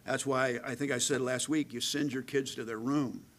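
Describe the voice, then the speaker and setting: A middle-aged man preaching a sermon, calling for amens and moving between loud emphatic delivery and a hushed near-whisper. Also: medium pitch, fairly even intonation, normal speed, a little hiss or hum, low-quality recording. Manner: calls out "amen" to the congregation. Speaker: pastor.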